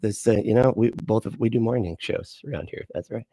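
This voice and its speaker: A man with a low voice hosting a casual livestream, rambling and joking as he swears freely. The sound is dry and close, with no room behind him. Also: brisk, warm tone, slightly rough, no echo. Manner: rambling, joking, swears a lot, laughs often. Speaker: livestream host reacting to videos. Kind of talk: casual profane livestream chat.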